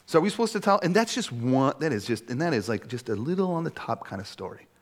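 A middle-aged man preaching a sermon as pastor, animated, acting out quoted voices and asking rhetorical questions. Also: medium pitch, fast.

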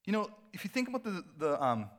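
A middle-aged pastor preaching a sermon in a loose, conversational way, full of fillers and asides. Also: male voice, high voice, very animated, fast talker, fairly bright tone.

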